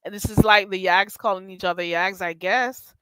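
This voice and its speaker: A woman's voice: mid-range voice, fairly even intonation, normal speed, fairly bright tone, clean tone, no echo. A woman hosting a casual commentary show, talking in a blunt, emphatic and profane way.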